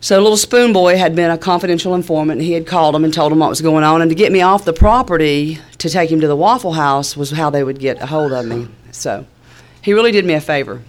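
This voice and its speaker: Deep-voiced and fast, she barely pauses as she talks. In a Southern drawl full of fillers, the woman recounts her recovery with easygoing, wry humor.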